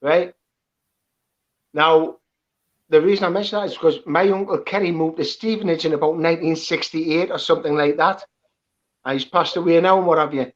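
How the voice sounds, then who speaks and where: A man with a Geordie accent chatting casually as a podcast guest, animated and laughing, repeating his phrases. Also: on the high side, fairly quick, pauses often, highs cut off. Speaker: guest impressionist.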